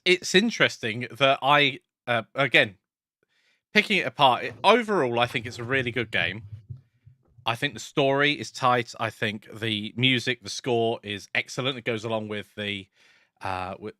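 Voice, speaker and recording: A man's voice: medium pitch, moderate pace, pushed and bright, no room sound, studio quality. A man co-hosting a casual chat about game design, joking and restarting his sentences often. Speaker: co-host.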